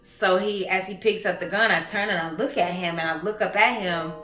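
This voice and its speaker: A woman recounting her own story in an earnest, reflective way, halting often with pauses and fillers. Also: lowish voice, bright, forceful tone, roomy sound, faint music behind. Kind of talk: personal storytelling.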